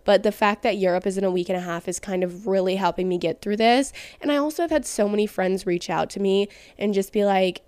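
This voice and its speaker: A woman's voice: mid-range voice, fairly quick, few pauses, darkish tone, dry recording. A young woman hosting a casual solo podcast, talking candidly with lots of "like" fillers. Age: young adult. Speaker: podcast host.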